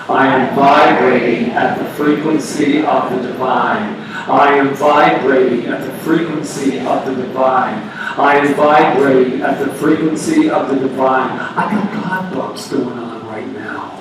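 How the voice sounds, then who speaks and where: A man's voice: on the high side, a little slow, recorded from a distance, noisy background. A man preaching in a very echoey hall. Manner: animated, conversational preaching with playful asides. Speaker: minister. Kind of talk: sermon. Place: church sanctuary.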